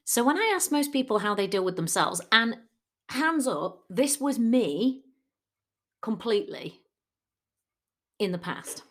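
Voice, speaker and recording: A woman coach giving a chatty solo podcast talk. She acts out quoted people in lively voices. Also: mid-range voice.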